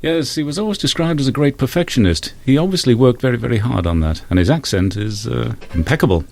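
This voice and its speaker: A man's voice: mid-range voice, fast, creaky. A man, a guest on a radio show, reminiscing casually about old films. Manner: reminiscing, animated.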